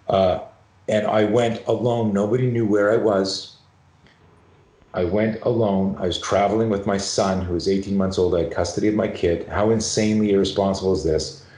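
Middle-aged Canadian-raised guest, lowish voice, animated, swearing storyteller, echoey room. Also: male voice. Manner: animated, profane, acts out voices in his anecdotes. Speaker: podcast guest, self-defense and fear expert. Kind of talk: storytelling in a podcast conversation.

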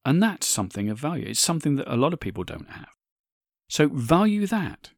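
A man's voice: fairly high pitch, very animated, a little fast, creaky, no echo, clean studio sound. A man hosting a solo podcast, talking in an earnest, reflective way with frequent restarts. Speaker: podcast host.

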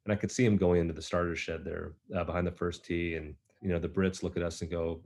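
A man, a golf professional, telling a relaxed story in an interview. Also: deep voice, fast talker, gravelly, hardly any pauses. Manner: relaxed, anecdotal, many fillers.

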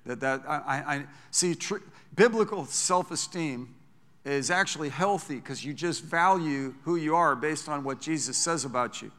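A man preaching a sermon as pastor, talking in a conversational, animated way with frequent restarts. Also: fairly high pitch, normal speed, big-room sound.

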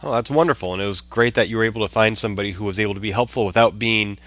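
A man hosting a podcast, asking gentle, thoughtful questions. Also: fairly low pitch, very fast, no room sound. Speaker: podcast host. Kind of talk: casual interview chat.

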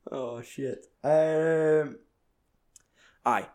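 A man's voice: fairly high pitch, fairly even intonation, drawn-out words, darkish tone. A man with a Scottish accent chatting casually and jokily about films, swearing freely and acting out lines. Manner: sweary, jokey, acts out film lines in other voices.

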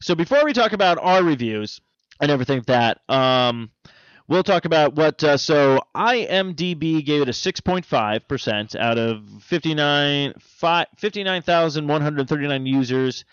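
Rambling, excitable man in casual chat. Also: on the high side, normal speed, clear, resonant tone, no room sound. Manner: rambling, excitable, acts out lines. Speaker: podcast co-host reviewing a film. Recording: dull lo-fi dry sound.

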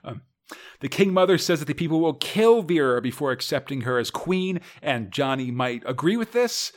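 Co-hosting a casual podcast, a man with a fairly high, animated voice at moderate pace recaps a comic story. He rambles, fills it with "like", restarts often, and laughs a lot.

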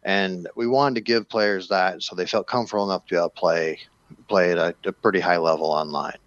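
A man being interviewed as a game developer, explaining in a relaxed way with plenty of "you know" fillers. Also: deep voice, fairly quick, no room sound, dull audio. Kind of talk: casual interview talk.

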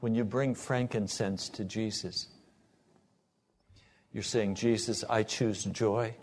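A man's voice: lowish voice, fairly even intonation, takes it slowly, a little mellow, a little hiss or hum. A man preaching as a pastor, earnestly retelling conversations and rising to fervent emphasis. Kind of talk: sermon.

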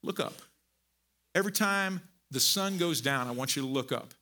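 A pastor preaches a sermon in an animated, conversational style, swinging from low, quiet phrases up to loud, emphatic peaks and dropping in folksy asides. He talks a little fast.

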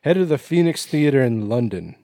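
Guy podcast host reading news out loud, trips over words, swears, laughs a lot, lively pitch, dry close mic. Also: a little fast, no echo. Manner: laughing, profane, stumbles while reading. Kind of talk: casual chat, reading news aloud.

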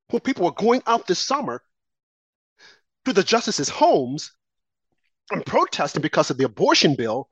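A woman's voice: fairly low pitch, very animated, moderate pace, husky, no room sound. A woman delivering a heated political opinion monologue as a commentator, sarcastic and mocking opponents in a sing-song voice. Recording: dull lo-fi sound.

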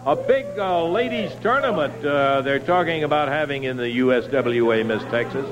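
A man interviewing wrestlers on television in a calm, measured way. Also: mid-range voice, crowd noise, poor audio. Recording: old broadcast with loud background noise.

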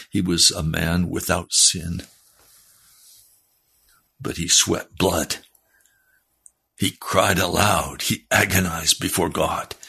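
Male pastor, middle-aged, unhurried pleading sermon delivery, a bit raspy. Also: sharp tone. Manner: earnest, pleading, rises in pitch when exhorting. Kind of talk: sermon with read-aloud testimony.

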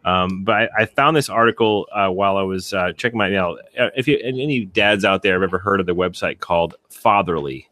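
A man co-hosting a podcast who reads an article aloud in a casual chat, with halting restarts and chuckles as he reads. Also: low-pitched, bright, forceful tone. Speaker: podcast co-host.

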